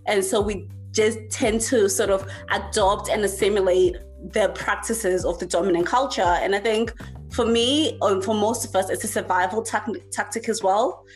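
A woman's voice: medium pitch, fairly even intonation, moderate pace, faint music behind. A woman talking in a casual chat, earnest and reflective, with many fillers. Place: works in the UK.

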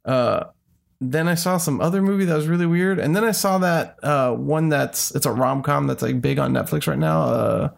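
Heavily gravelly man chatting easygoing. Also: fairly high pitch, normal speed. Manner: easygoing, filler-heavy, wry. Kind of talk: casual chat.

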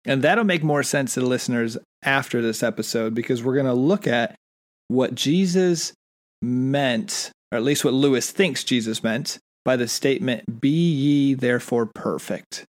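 This is an American man co-hosting a conversational podcast. His voice is mid-pitched, and he talks in an earnest, thoughtful way, often stopping to restart his sentences. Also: normal speed. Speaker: podcast co-host. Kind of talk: casual podcast chat.

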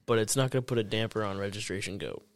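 A man's voice: lowish voice, fast, no echo. A man co-hosting a podcast in casual chat, laid-back and wry, mostly giving short replies. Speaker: podcast co-host.

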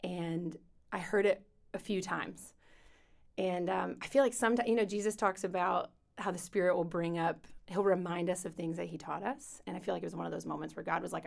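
A woman guest, a teen minister, telling a personal faith story on a podcast in a soft, reflective way with pauses. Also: on the low side, steady tone, vocal fry.

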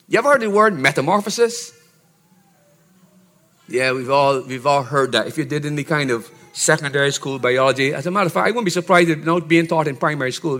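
Man preaching a sermon, kinda high voice, keeps asking "see?", gets real loud and punchy. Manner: teacherly, checks in with "Okay?" and "See?"; builds to loud, emphatic shouted exhortation. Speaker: pastor. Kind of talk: expository sermon.

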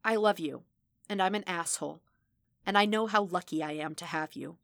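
A wry, guarded young woman speaking on the phone with a dry drawl, read by a woman. Her voice sits low and plain, close to the mic. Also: normal speed, creaky, fairly bright tone, dry recording.

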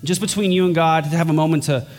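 A pastor preaching a sermon, earnest and emphatic, his voice climbing higher on key points. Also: fairly even intonation, quick pace. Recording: long hall reverb with faint music.

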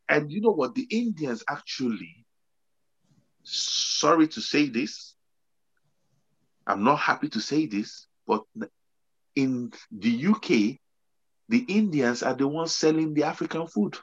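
A man's voice: fairly high pitch, expressive, takes it slowly, long pauses, slightly rough, lo-fi sound. A man hosting a casual panel discussion, telling stories animatedly and laughing as he goes. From UK-based. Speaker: host.

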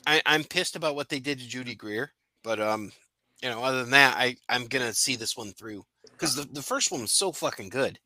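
Bright, laughing podcast co-host, a man. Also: medium pitch, fairly quick, no echo. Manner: laughing, profane, rambling with restarts. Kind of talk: casual chat.

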